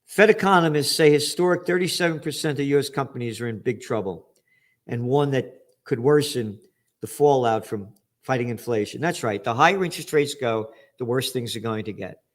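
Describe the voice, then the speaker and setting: A man's voice: medium pitch, fairly quick. An older man hosting a news commentary, ranting angrily and profanely, with sarcastic emphasis as he reads out headlines.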